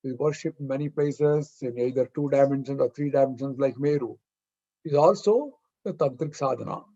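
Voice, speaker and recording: Heard over a video call with muffled, slightly lo-fi sound, a man gives an earnest devotional lecture as a spiritual discourse speaker. His warm, medium-pitched voice keeps a normal speed as he patiently explains terms and poses rhetorical questions.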